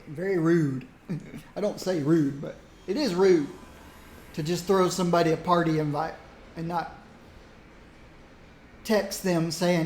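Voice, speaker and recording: Chatty high-voiced gaming streamer man. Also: slow, long pauses, roomy sound, a little hiss or hum. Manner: chatty, rambling, laughs often. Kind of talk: casual gameplay commentary.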